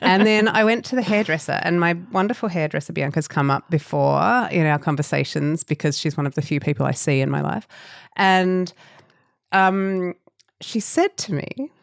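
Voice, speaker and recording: A woman co-hosting a podcast in casual chat. She tells funny stories about herself with a playful, self-mocking bent. Her voice sits a little low, and the sound is close and dry. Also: normal speed, vocal fry, no room sound. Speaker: podcast co-host.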